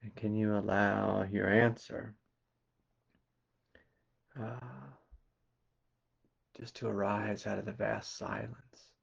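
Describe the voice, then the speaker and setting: A man from Kentucky with a Southern accent, a spiritual teacher giving a slow, meditative satsang talk and asking quiet questions between soft laughs. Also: fairly low pitch, little pitch movement, gravelly, breathy edge, dull audio. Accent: Southern American. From Kentucky, USA.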